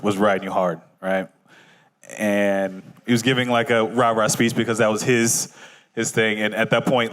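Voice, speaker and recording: A man, a former basketball player, telling a casual anecdote to a former teammate in a measured, unhurried way. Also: fairly low pitch.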